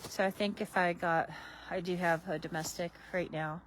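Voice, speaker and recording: A woman's voice: lowish voice, steady tone, normal speed, slight background noise, low-quality recording. A woman horse trainer chatting casually on a livestream while working outdoors at a barn, easygoing and coaxing.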